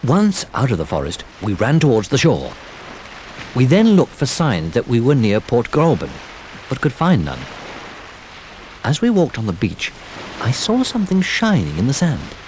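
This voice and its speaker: Expressive male storybook narrator. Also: medium pitch, normal speed, a little hiss or hum. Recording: old storybook record with music.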